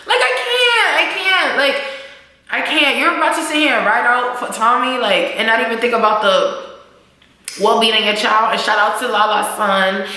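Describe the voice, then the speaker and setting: A young woman runs through a TV episode in a loose, slangy vlog, swearing freely and slipping into the characters' voices. Her voice is bright and forceful, a little above the usual pitch for a woman. The room around her rings with strong echo. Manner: animated, acts out characters' lines while recapping. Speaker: TV recap vlogger. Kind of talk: casual TV recap. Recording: very echoey room.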